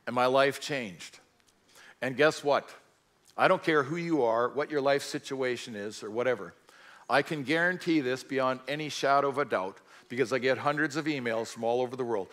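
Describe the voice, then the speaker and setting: A man's voice: medium pitch, a bit bright. A middle-aged man giving a personal testimony sermon in a church, telling his story earnestly with folksy asides. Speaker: guest speaker.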